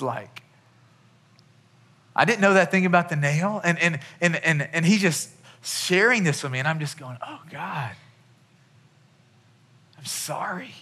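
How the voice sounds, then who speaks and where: A man's voice: high-pitched, sharp tone. A man in his thirties, a pastor, giving a conversational sermon with many restarts.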